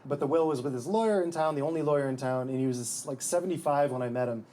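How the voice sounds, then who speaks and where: A man's voice: medium pitch, fast talker, warm tone, slight background noise. A man, an author at a live bookstore event, reading from his book and talking about it in a dry, wry way, often restarting his sentences. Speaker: author and guest.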